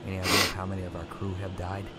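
A man's voice: deep voice, monotone, rapid-fire, bright, forceful tone, poor audio. An actor playing a sardonic male survivor in a video game who makes dry quips. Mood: wry.

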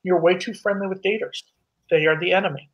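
A man's voice: sits high, fairly even intonation, fairly quick, highs cut off. A man hosting a casual sports talk show, bossy and teasing as he banters with his co-host.

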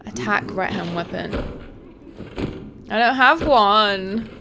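A young woman commentating her first playthrough of a game, chatty and quick to shriek and laugh at what happens. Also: medium pitch, gravelly, background noise. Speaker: gaming streamer. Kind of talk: let's play commentary.

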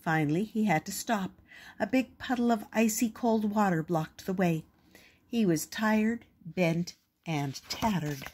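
An older woman reading a children's picture book aloud, gentle and expressive. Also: medium pitch, unhurried, husky. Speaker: storyteller.

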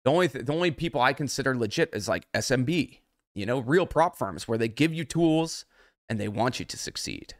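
A man's voice: medium pitch, lively intonation, a little fast, no room sound, studio quality. A man working as a trading mentor, ranting angrily and swearing heavily on a livestream. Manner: angry, heavily profane. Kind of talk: livestream rant.

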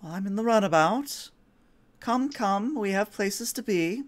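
A man's voice: sits high, lively intonation, a little slow, pitched above the performer's own voice. A man voicing a noble countess in a lifted, airy voice during a tabletop game. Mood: coaxing. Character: haughty noble countess, woman.

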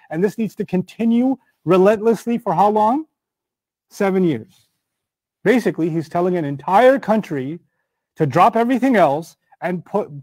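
A middle-aged man teaching a scripture lesson in a conversational, animated way, acting out everyday examples. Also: high-pitched, no echo. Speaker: Quran teacher. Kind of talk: explanatory lecture on scripture.

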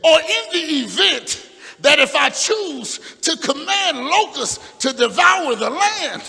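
A man preaching and acting out God as a stern male deity who questions his king, shouting with drawn-out emphasis. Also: very high-pitched, big pitch swings, creaky, big-room sound, pitched above the performer's own voice, heavily acted. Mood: stern, challenging.

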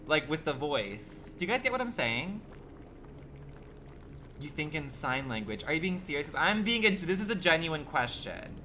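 A man's voice: a little high, sing-song, normal speed, bright, forceful tone, a little hiss or hum. A man livestreaming a game, chatting with his viewers in a sassy, campy, profane way, full of rambling rhetorical questions. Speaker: gaming livestreamer. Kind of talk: casual stream chat.

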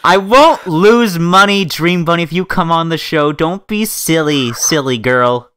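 A man hosting a stream, playful and excitable, reading out donations. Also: on the high side, unhurried, clear, resonant tone. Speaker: streamer host. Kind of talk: casual stream chat.

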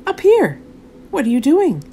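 A woman voicing a bold, playful young girl in a storybook read-aloud, speaking in a high, bossy, energetic way. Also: normal speed, slight background noise.

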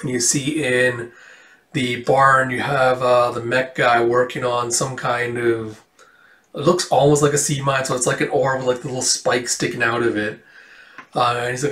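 A man's voice: mid-range voice, steady tone, normal speed, fairly bright tone. A man reading through a comic book in a casual, rambling way, reading the characters' lines aloud and laughing now and then. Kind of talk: casual comic read-through with quick voices. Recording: echoey room, voice a bit off-mic.

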